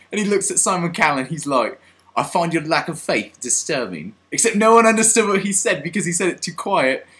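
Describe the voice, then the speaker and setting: A guy putting on a grand gushing lord, pompous, theatrical, bright sharp tone, quick talker. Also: on the high side. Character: pompous self-styled British lord, male, gushing.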